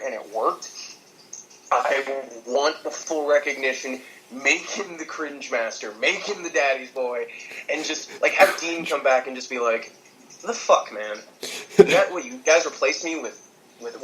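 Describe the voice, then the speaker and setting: A man in casual podcast chat, animated and laughing often, swearing freely as he rants about wrestling. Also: medium pitch, a little hiss or hum, rough recording. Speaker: podcast co-host.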